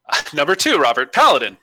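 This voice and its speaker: A man's voice: on the high side, wildly swooping pitch, fast, sharp tone, no echo. A man co-hosting a casual podcast, reading listener emails aloud with joking asides.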